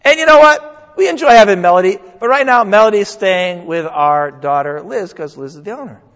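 An older male pastor gives a folksy, joking sermon with a lively voice that swoops up and down. His voice sits high for a man. The recording is dull and carries a long echo from the church hall. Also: brisk. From New England. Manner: folksy, joking, animated preaching. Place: church sanctuary.

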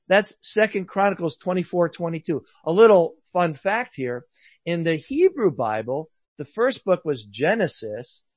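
A man preaching a sermon earnestly, rising to loud emphasis and dropping to hushed, soft lines. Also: on the high side, no echo.

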